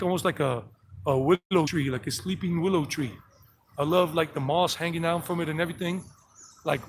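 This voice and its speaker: A man's slightly high voice, with background noise, carries a live-streamed walking tour narration on residential streets with passing traffic. He has a Southern US accent, hails from South Carolina and Georgia, USA, and chats ramblingly while greeting viewers.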